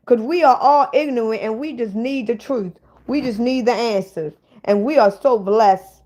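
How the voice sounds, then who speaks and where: A woman's voice: fairly high pitch, moderate pace, hardly any pauses, mellow. A woman hosting a casual livestream, bluntly ranting and swearing at viewers in the chat. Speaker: livestream host.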